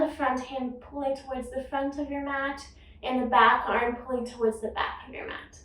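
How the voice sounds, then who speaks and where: A woman teaching a guided yoga class, calmly cueing each breath and movement. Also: high-pitched, far from the mic. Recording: echoey room, voice off-mic.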